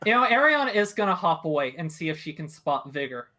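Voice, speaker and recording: A man's voice: a little high, big pitch swings, quick pace, sharp tone. A man playing in a tabletop game, chatty and hesitant with fillers. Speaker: player. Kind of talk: casual tabletop play.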